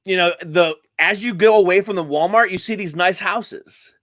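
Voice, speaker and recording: A man's voice: high-pitched, normal speed, no echo, studio quality. A man co-hosting a casual podcast chat, swearing and joking, with family roots in Ohio. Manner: swearing, joking, does loud voices of relatives. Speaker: podcast co-host.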